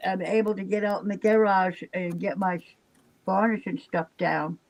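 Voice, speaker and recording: Brief: older woman, exhausted, rambling casual chatter, mid-pitch voice. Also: steady tone, normal speed, low-quality recording. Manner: rambling, chatty, trails off with fillers. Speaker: live stream chat participant. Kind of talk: casual chat.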